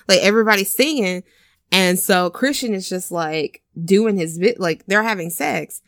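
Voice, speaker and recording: A woman's voice: lowish voice, normal speed, fairly bright tone, no room sound, studio quality. A woman telling a story in casual chat, talking loosely with plenty of filler words and acting out the scenes she describes. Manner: chatty storyteller, many "like"s, acts out scenes. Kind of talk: casual chat recapping a film.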